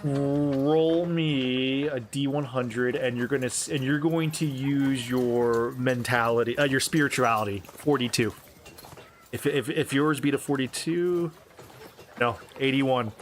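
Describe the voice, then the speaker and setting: A man's voice: mid-range voice, fairly even intonation, measured pace, slight background noise. A man narrating a tabletop game as game master, casual and laughing often. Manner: casual, laughing, hesitant with fillers.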